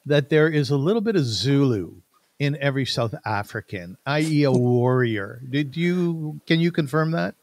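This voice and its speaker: A man's voice: medium pitch, animated, moderate pace, darkish tone. A Canadian man hosting an interview, chatty and enthusiastic. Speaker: podcast host. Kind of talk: casual interview.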